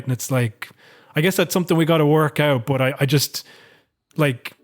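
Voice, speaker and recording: A man co-hosting a podcast, telling stories in a rambling, sweary, animated way. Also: on the high side, brisk. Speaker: podcast co-host. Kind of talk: casual political chat.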